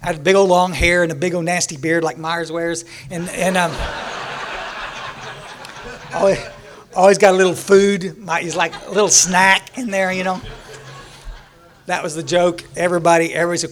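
Man, slightly raised pitch, folksy and joking, storytelling speaker at a recovery meeting. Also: little pitch movement, normal speed, long pauses, fairly bright tone, slight background noise. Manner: folksy storytelling with jokes and laughter.

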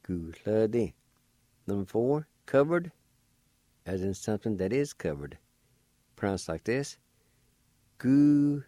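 A man teaching vocabulary in a radio lesson, spelling words letter by letter and sounding out each syllable slowly and deliberately. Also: lowish voice, very animated, mellow, no echo. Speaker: language teacher.

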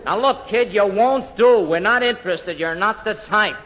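Brief: man playing a curt casting agent, high bright voice. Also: normal speed, a little hiss or hum. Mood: dismissive. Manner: curt, dismissive. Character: brusque male theatrical agent, dismissive. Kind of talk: 1940s radio comedy sketch.

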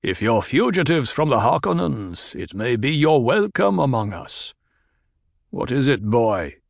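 A man voicing a stern, commanding desert tribal leader who speaks slowly and gravely. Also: mid-range voice, big pitch swings, no room sound, studio quality, full character voice. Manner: measured, slow, authoritative. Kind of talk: audiobook character voice.

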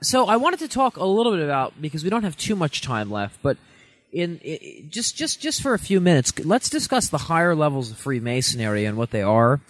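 A man hosting an interview, asking a long, halting question with repeated words. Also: on the high side, very animated. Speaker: host.

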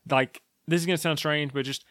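Chatty opinionated man, slightly high voice. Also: steady tone, a little fast, fairly bright tone, no echo, clean studio sound. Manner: chatty, opinionated, lots of fillers and asides. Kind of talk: casual rambling monologue.

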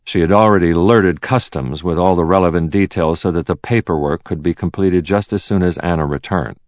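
Deep-voiced man narrating an audiobook. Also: no echo. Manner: measured storytelling. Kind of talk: scripted narration. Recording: dull, slightly muffled audio.

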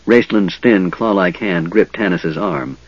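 A man narrating a fantasy novel in a dramatic, expressive reading. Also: sits low, unhurried, breathy edge, dry recording, lo-fi sound. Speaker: audiobook narrator.

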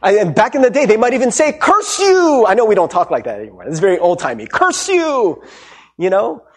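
A pastor preaching in an easy, conversational manner, a man with a somewhat husky, slightly raised voice. His pitch rises and falls freely as he drops in quick asides and light jokes between his points. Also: animated. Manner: conversational, warm-humored preaching with restarts and asides. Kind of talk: sermon.

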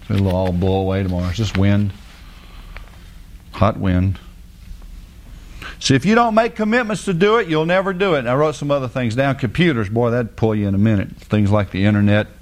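A man preaching a casual, folksy sermon in plain everyday words. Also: medium pitch. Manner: folksy, plain-spoken, mimics people with sing-song voices.

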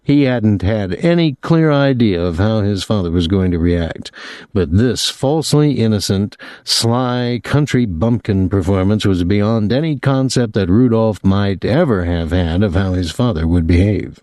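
A low-voiced man reads an audiobook, his scripted narration steady and measured. The sound is close and dry, with no room sound at all.

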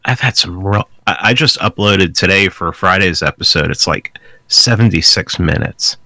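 A man's voice: sits low, normal speed, pushed and bright, no echo. A man chatting as a podcast guest, telling rambling stories with lots of restarts. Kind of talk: casual chat.

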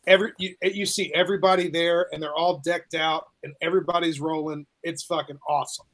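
A man's voice: fairly high pitch, little pitch movement, a little fast, fairly bright tone. A man co-hosting a podcast, chatting casually and enthusiastically and swearing freely. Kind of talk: casual chat.

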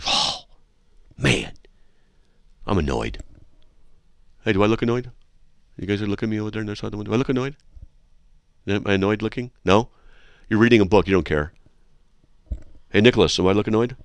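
A man's voice: on the low side, animated, fairly quick, pauses often, no room sound. A man hosting a talk radio show from a studio, lecturing sarcastically and reading listener emails aloud. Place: radio studio with a control room window.

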